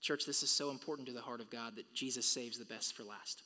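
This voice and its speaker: A man's voice: mid-range voice, fairly even intonation, fast talker, sharp tone. A male pastor preaching a sermon to his congregation, building to emphatic peaks. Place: church sanctuary. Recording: long reverb of a large hall.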